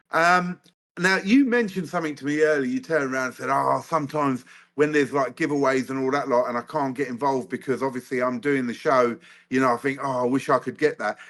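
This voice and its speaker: Easygoing guest, slightly higher voice. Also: male voice, a bit bright. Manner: friendly, easygoing, slangy. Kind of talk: casual livestream chat.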